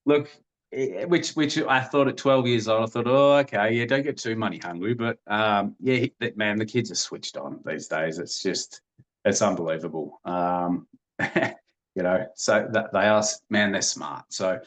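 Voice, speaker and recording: Aussie guy in his 30s, podcast guest, kinda low voice, rambles through stories w lots of restarts. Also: a little slow. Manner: rambling, many restarts and laughs. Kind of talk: casual storytelling.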